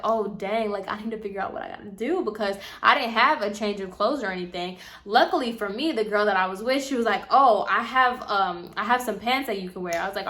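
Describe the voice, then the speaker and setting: A young woman vlogger telling a casual storytime in a slangy, animated way, acting out the voices of the people she quotes. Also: mid-range voice. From Puerto Rican heritage.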